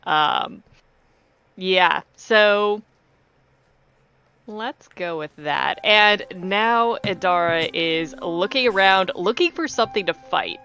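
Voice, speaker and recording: Woman game master, bright tone, narrates at a deliberate pace over a lo-fi stream line. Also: medium pitch. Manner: unhurried, thinking aloud. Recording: dull lo-fi stream audio.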